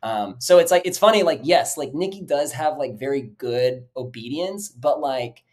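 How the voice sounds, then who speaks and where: A man hosting a casual podcast about dog training, telling rambling, animated stories full of "like" and the odd swear word. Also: medium pitch, normal speed.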